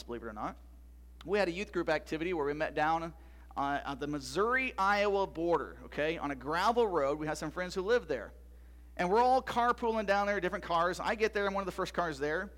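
High-pitched and fairly bright, a middle-aged man's voice carries a pastor's sermon. He preaches conversationally, frequently questioning the congregation.

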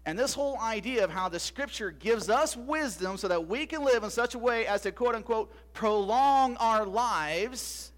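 This pastor, a middle-aged man, talks through his sermon conversationally and keeps asking his listeners questions. His voice sits high with a fairly bright tone.

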